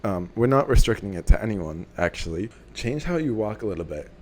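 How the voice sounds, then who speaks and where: A young man talking casually to camera, giving energetic motivational advice and swearing for emphasis. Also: fairly low pitch, a little fast, a little hiss or hum. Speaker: self-help vlogger.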